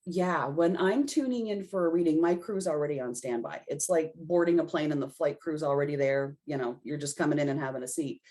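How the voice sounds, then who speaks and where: Low-voiced woman telling a lively story. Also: a little fast, hardly any pauses. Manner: animated storyteller acting out her own reactions. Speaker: podcast guest, intuitive reader. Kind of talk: storytelling in casual conversation.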